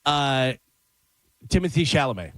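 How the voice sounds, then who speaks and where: A man co-hosting a morning radio show, telling stories and jumping into quick impressions. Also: medium pitch, very animated, crowd noise. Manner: chatty, jumps into impressions while telling stories. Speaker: radio co-host. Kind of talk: casual morning radio chat.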